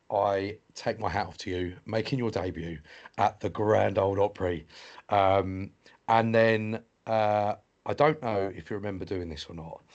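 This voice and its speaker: A man hosts a relaxed interview, rambling through his questions with plenty of ums and quick laughs. His voice sits a little low. The sound is dull and lo-fi, like call audio. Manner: rambling, filler-heavy, laughs often. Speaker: host. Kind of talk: casual interview.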